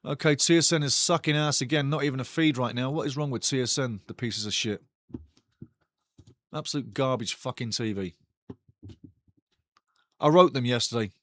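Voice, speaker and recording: A man hosting a live football watch-along, calling the play and reading the chat in a blunt, excitable, foul-mouthed way. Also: mid-range voice, moderate pace, pauses often, dry recording, clean studio sound. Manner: bursts louder at big chances.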